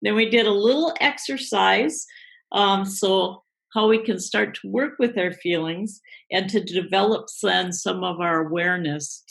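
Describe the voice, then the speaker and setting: A woman speaking as a guest coach in a live online interview, explaining in a relaxed way with many fillers. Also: lowish voice, gravelly, poor audio.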